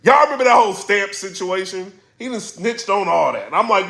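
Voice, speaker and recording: Animated, slangy man in an echoey room. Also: high-pitched, fast, vocal fry, hardly any pauses. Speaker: battle rap blogger. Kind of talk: casual commentary vlog.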